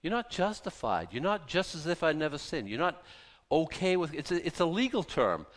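A man's voice: on the high side, sing-song, normal speed. Zealous preaching man in a reverberant hall. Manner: passionate, zealous, with mocking asides. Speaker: pastor. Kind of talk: sermon.

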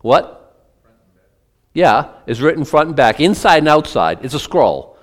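A male pastor with a somewhat high voice preaches in a relaxed, conversational way. He keeps turning to his congregation with questions and light asides between scripture passages. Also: unhurried. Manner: asks the congregation questions, chatty asides, reads from old scripture. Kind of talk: conversational Bible-teaching sermon.

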